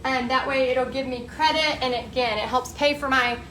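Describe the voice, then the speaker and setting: At normal speed, a high-voiced woman hosting a live painting tutorial keeps a steady yet sharp tone. She's upbeat and chatty, addressing her viewers as "y'all," in an echoey room with faint background noise.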